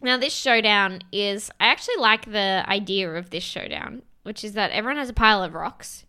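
A woman's voice: mid-range voice, brisk, bright, forceful tone, clean tone. A young woman casually recapping a reality show with a co-host, chatty and laughing often, with frequent swearing. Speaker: podcast co-host.

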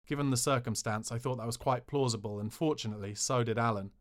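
Guy reading his own funny story on a podcast, dry cheeky delivery, mid pitch. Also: fast talker. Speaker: podcast narrator. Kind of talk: reading a memoir aloud.

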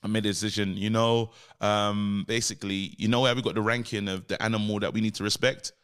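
A man co-hosting a podcast, chatting in a relaxed way and chuckling often. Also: on the low side, quick pace, clean tone. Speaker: podcast co-host. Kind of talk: casual banter.

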